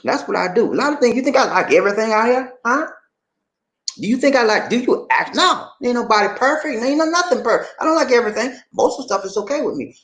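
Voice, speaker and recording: Lively man live-streaming in a roomy echo. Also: extremely high pitch, fast. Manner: animated, acts out shop dialogues; repeats phrases for emphasis. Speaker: vlogger living abroad. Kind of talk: casual live-stream talk to viewers. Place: indoors, in the Philippines.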